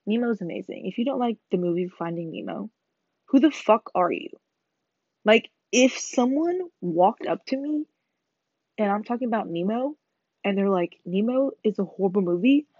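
A woman's voice: medium pitch, darkish tone, no room sound. A teenage girl in a rambling, swearing, self-mocking chat to camera. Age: teens. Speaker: vlogger. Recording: slightly dull lo-fi sound.

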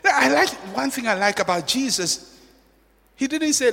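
A man preaching a sermon dramatically, swinging from soft passages to shouts. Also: extremely high pitch, animated, moderate pace, vocal fry. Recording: long hall reverb.

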